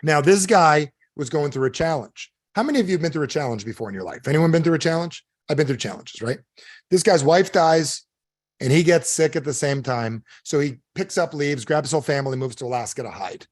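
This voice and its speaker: A man giving a live motivational seminar talk, animated and emphatic, who keeps asking his audience questions while he tells a story. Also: fairly high pitch, fairly quick, dry recording, clean studio sound. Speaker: motivational speaker.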